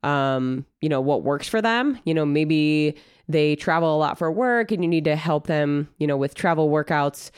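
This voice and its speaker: A woman's voice: deep voice, moderate pace, few pauses, clean tone, no echo, clean studio sound. Casual woman coach with a stuffy nose. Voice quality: nasal from a cold. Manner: relaxed, filler-heavy, coaching tone. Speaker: podcast co-host and trainer. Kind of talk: casual podcast chat.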